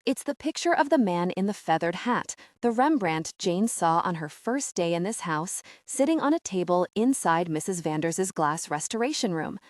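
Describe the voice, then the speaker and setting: Female audiobook narrator, animated storytelling voice, dry booth recording. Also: on the low side, moderate pace, few pauses, dry recording. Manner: expressive, varied character reading. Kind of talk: scripted narration.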